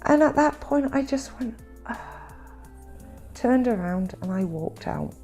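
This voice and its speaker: A woman vlogger recounting her family estrangement in an emotional, halting way, repeating words when upset and close to tears at times. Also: fairly high pitch, lively intonation, warm tone, soft background music. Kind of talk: personal storytelling.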